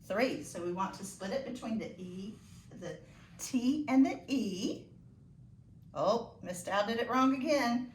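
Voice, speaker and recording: A woman teaching a phonics lesson to children, slow and encouraging with sing-song praise. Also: on the high side, expressive, a little hiss or hum. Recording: echoey room, voice from a distance.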